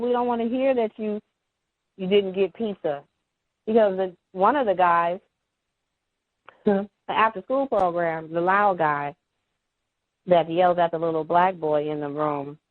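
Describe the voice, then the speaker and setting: A woman's voice: mid-range voice, no room sound. Exasperated woman on a tinny phone line. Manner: animated, exasperated, acts out quoted voices. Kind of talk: casual phone-in storytelling.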